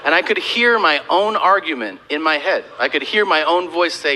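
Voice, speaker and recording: A man's voice: on the high side, normal speed, few pauses. A man telling a stand-up story and acting out both sides of a conversation, on a stage recording with audience noise. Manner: animated storytelling, acting out quotes. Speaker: stand-up comedian.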